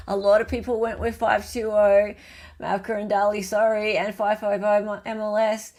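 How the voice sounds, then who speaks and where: A woman's voice: medium pitch, flat delivery, normal speed, a little mellow. An Australian woman hosting a casual live-stream trivia quiz, playful and chatty as she reads out multiple-choice answers.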